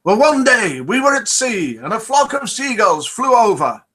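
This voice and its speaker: A man reading out a joke who voices an adult male pirate, telling his story in a raised, excited voice. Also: extremely high pitch, moderate pace, slightly rough, voice pushed up, full character voice. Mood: cheerful.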